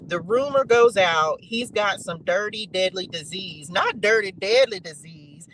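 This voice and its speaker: A high-voiced man reads psalms to a live chat, leaning into repeated words and dropping colloquial asides. His tone is bright and ringing, with a faint hiss of noise behind him. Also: measured pace, low-quality recording. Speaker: online faith reader and streamer.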